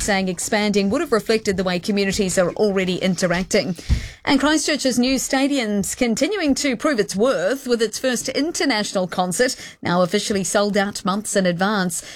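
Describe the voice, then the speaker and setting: A woman with a New Zealand accent reading a formal, measured radio news bulletin. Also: mid-range voice, no room sound, studio quality. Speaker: newsreader. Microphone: studio broadcast mic.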